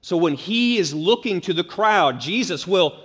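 A man preaches from the pulpit with a fairly high voice, and the sound trails off in the long reverb of a large church sanctuary. He leans hard on his key words and says them again and again for stress. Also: lively intonation, a little slow, fairly bright tone, breathy edge. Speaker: pastor. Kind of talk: expository sermon.

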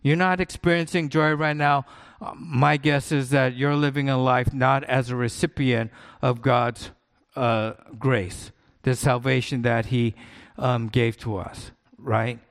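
A man's voice: mid-range voice, fairly even intonation, a little slow, clean tone. A middle-aged man, a pastor, preaching a sermon in an earnest, conversational way, repeating his key points for emphasis.

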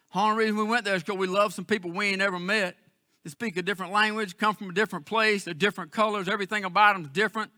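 A man preaching a sermon as pastor, telling a story with emphatic, then hushed, emotional delivery. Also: sits high, steady tone, quick pace, no echo, clean studio sound.

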